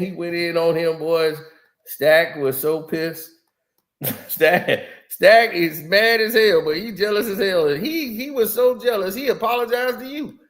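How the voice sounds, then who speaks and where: Brief: lively male guest, upper-pitched voice, slangy, laughs through his stories. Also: a little slow. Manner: animated, laughs often, slangy storytelling. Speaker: guest, former basketball player. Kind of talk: casual podcast chat.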